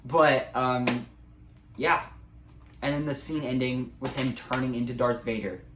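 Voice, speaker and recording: A man's voice: mid-range voice, steady tone, a little slow. Rambling young man in an echoey room. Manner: rambling, full of ums and likes. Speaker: video creator. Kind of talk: casual movie review talk. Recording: echoey room, faint ambient noise.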